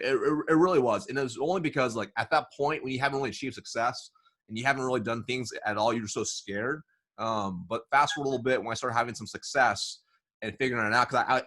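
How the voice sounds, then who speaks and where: A man being interviewed as a sales consultant, telling stories in a lively way, often saying "right?" and acting out bits of dialogue. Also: medium pitch, slightly rough. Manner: animated, says "right?" often, acts out dialogue. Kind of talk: casual interview storytelling.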